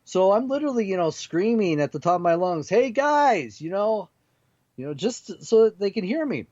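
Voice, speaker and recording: Animated man telling a story, dull dry audio. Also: sits high, fairly quick, no room sound. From Seattle area. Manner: animated storyteller, laughs at himself. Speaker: guest paranormal investigator. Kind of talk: storytelling on a talk radio show. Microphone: remote call.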